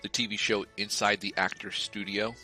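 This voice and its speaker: A man co-hosting a podcast in casual chat, with a low voice and a tense, bright edge. He talks in an animated, chatty way, hopping from thought to thought. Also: moderate pace, soft background music, rough recording. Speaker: podcast co-host.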